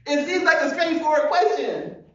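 A woman's voice: high-pitched, normal speed, muffled recording. A woman pastor preaching a sermon, emphatic and full of rhetorical questions, recorded from a distance in a large church hall.

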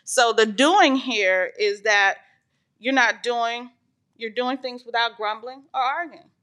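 Taking it slowly, a woman with a fairly high, slightly bright voice reads scripture aloud and then earnestly explains it in an informal church Bible lesson. She says "um" often.

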